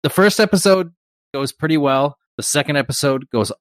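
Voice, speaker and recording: A man's voice: on the high side, expressive, moderate pace, no room sound, clean studio sound. A man co-hosting a casual podcast, telling stories in a rambling way, laughing often and swearing casually. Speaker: podcast co-host.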